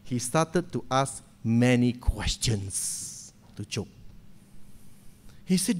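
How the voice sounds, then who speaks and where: A man preaching a sermon from a church pulpit, retelling a story in a lively way and often checking in with "okay?". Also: medium pitch, extremely slow, long pauses.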